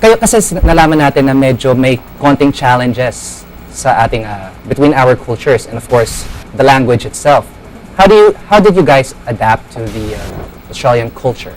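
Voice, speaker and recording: A man's voice: medium pitch, expressive, normal speed, a little hiss or hum, rough recording. Hesitant Filipino man interviewing on TV. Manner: hesitant, heavy "uh" fillers. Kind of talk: studio TV interview. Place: TV studio.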